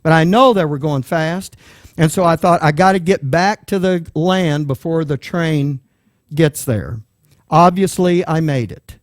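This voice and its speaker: A preacher spins a personal story from the pulpit, animated and quick to act out the people in it. His voice sits a bit high for a man, and the sound is dry and close. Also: dry recording. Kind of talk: sermon storytelling.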